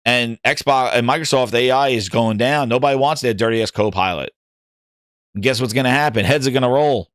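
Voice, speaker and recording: A man's voice: medium pitch, fairly quick, no room sound, clean studio sound. A man hosting a gaming livestream, talking casually, reading chat aloud and joking in mocking voices.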